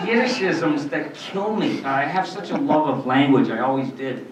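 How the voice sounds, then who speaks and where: A man's voice: fairly high pitch, moderate pace, few pauses, slight background noise. Panel guest, man, 60s, rambling storyteller, heard from across a roomy hall. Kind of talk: convention panel Q&A. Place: convention panel room. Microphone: filmed from the audience. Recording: distant, roomy, muffled hall recording.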